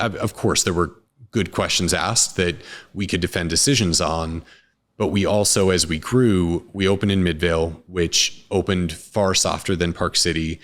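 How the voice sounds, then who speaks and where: A man, a restaurant co-founder, talking casually in an interview, relaxed and rambling with many restarts. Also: low voice, normal speed.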